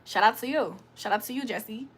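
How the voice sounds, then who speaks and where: Blunt high-voiced woman streamer. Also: fairly quick, a little hiss or hum. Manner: blunt, profane, confrontational. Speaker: livestream host. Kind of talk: casual live chat to viewers.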